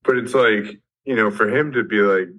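A man's voice: fairly low pitch, moderate pace, fairly bright tone, poor audio. A man talking as a podcast guest in a loose, joking way, full of fillers like "like" and "you know". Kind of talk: casual podcast chat.

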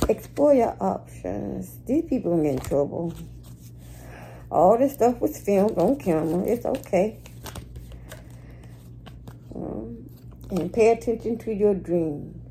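Woman host of a casual reading vlog; slow, candid and slangy delivery, deep dark timbre. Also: animated, vocal fry, slight background noise, low-quality recording. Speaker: astrology and spiritual reading host.

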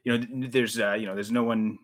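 A man's voice: on the low side, steady tone, brisk. A Canadian man hosting a casual livestream podcast, who rambles with restarts and fillers. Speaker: podcast host.

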